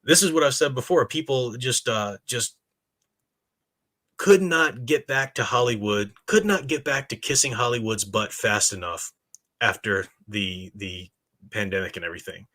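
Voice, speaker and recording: A man's voice: mid-range voice, normal speed, sharp tone. A man hosting a live stream, reading chat messages and giving blunt opinions in casual, emphatic commentary. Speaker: live-stream show host.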